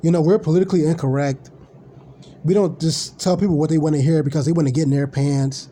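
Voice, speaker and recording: A man's voice: fairly high pitch, fairly even intonation, quick pace, warm tone, a little hiss or hum. A man ranting casually on a live stream, blunt, profane and rambling.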